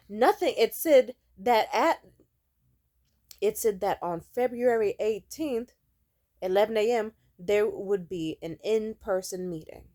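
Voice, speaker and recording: A young woman in her twenties venting in a profane, sarcastic rant, sometimes mocking other people in a high voice. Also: darkish tone. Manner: profane, sarcastic, exasperated ranting. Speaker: vlogger. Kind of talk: ranting vent vlog.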